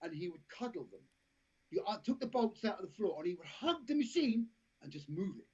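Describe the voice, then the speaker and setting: Brief: male guest, husky, lively storyteller, dull lo-fi stream sound. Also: sits high, brisk. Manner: rambling anecdotes, frequent restarts, laughs at own stories. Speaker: actor and director, podcast guest. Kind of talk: casual storytelling interview. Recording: lo-fi live stream audio.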